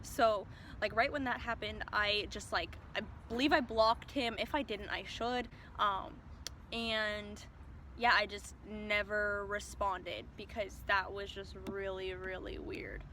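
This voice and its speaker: Bright-voiced young woman telling a story. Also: medium pitch, fairly even intonation, slow, a little hiss or hum. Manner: chatty, peppers speech with "like". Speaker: vlogger. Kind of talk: casual storytime.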